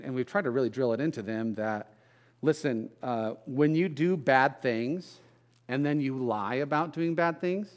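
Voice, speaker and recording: A middle-aged male pastor with a mid-range voice delivers a conversational sermon. He weaves scripture together with folksy family stories and self-deprecating asides.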